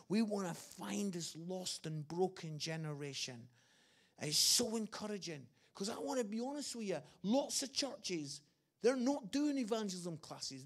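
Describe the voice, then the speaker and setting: English guy preaching, tells it earnestly, kinda gravelly fry in the voice. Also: high-pitched. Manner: earnest storytelling, repeats phrases, acts out quotes. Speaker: guest preacher. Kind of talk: sermon.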